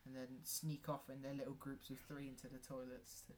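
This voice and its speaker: A man's voice: medium pitch, monotone, fairly quick. A young man, co-hosting a podcast in casual chat and ranting sarcastically with swearing. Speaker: podcast co-host.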